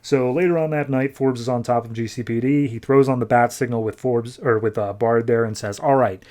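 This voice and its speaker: Man, podcast host, casual recap, chatty, lots of fillers, mid-pitched voice. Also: steady tone, fairly quick, a little mellow. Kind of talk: casual comic book recap.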